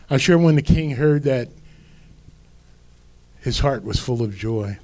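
A man preaching a sermon as pastor, slow and deliberate with emphatic rises. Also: medium pitch, warm tone.

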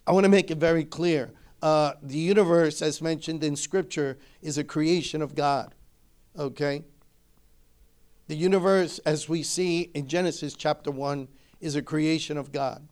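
A middle-aged male pastor delivering a sermon in a slightly higher-than-usual voice. He preaches with emphasis and drives his points home by repeating phrases. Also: steady tone, moderate pace, darkish tone.

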